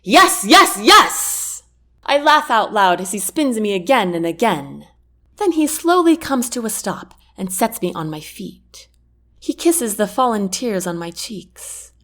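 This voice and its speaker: A woman reading a first-person romance audiobook in an expressive storytelling manner. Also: medium pitch, unhurried. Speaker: audiobook narrator.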